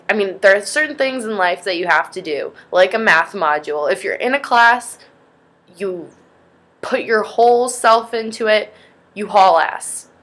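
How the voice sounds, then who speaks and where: A woman's voice: mid-range voice, fairly bright tone. A young woman vlogging in a rambling, chatty way, easily sidetracked. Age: young adult. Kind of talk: casual vlog chat.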